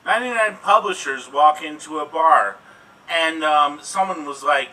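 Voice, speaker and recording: Bright-voiced man with terse one-liners. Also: on the high side, normal speed. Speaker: improv player. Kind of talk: improvised joke telling. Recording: distant mic, faint room noise.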